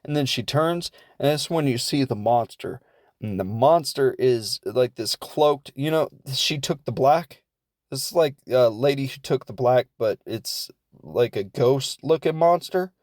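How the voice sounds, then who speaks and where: A young man casually recapping a film plot in a rambling comedic way, slipping into quick asides for the characters. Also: mid-range voice, animated, a little mellow, dry recording, clean studio sound.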